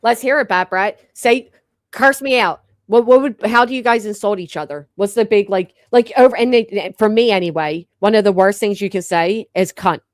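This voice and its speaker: A woman's voice: medium pitch, dry recording, studio quality. Curious woman hosting a chat. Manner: curious, laughing, quick questions. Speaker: host. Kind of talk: casual online chat show.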